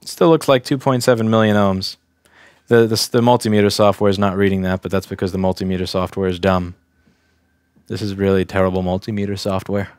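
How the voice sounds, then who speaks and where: A man's voice: deep voice, little pitch movement, fairly quick, a little mellow, clear, resonant tone, no room sound, clean studio sound. A young adult man from Staten Island, a repair technician casually talking through a bench test on a livestream, thinking aloud, restarting sentences and speaking bluntly. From Staten Island, New York.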